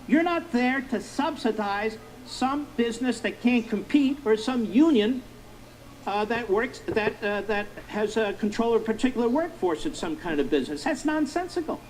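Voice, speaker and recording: A man's voice: very high-pitched, animated, moderate pace, poor audio. A middle-aged man hosting a political commentary monologue, emphatic and repetitive, firing rhetorical questions at his listeners. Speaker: talk show host.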